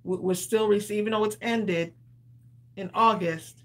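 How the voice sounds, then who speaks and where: A woman with a husky, slightly breathy voice co-hosts a live craft stream. She chats easily with her viewers, calls them y'all, and laughs often while she works. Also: mid-range voice, steady tone, measured pace. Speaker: crafting show co-host.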